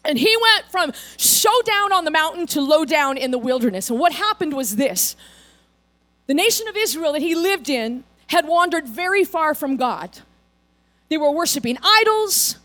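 A woman pastor preaching a sermon, telling a story in a casual, animated way and acting out the characters' lines. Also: high-pitched, normal speed.

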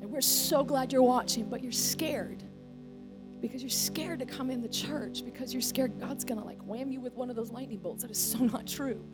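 A woman pastor preaching an energetic, emphatic sermon to her congregation. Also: sits high, normal speed, loud music behind the voice.

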